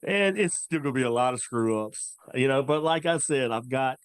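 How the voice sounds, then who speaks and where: Man, Southern US twang, laid-back podcast chat, halting delivery, dry close-miked sound. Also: medium pitch, lively intonation, smooth, no echo. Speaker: former co-host, now hunting podcaster. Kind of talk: casual chat.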